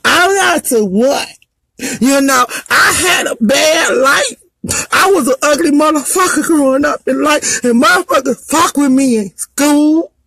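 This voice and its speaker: A man playing a self-pitying gay man who wails, cries and shouts melodramatically in a live-stream comedy bit. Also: very high-pitched, a little slow, no echo, exaggerated voice, low-quality recording. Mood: wailing. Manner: wailing, crying, melodramatic shouting.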